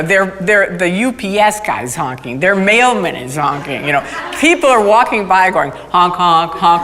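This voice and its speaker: A woman's voice: lowish voice, a little hiss or hum. Woman telling stories in a hall. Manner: lively anecdotal storytelling, laughing often. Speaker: conference speaker. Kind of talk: storytelling talk on stage. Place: conference hall. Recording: hall reverb with audience.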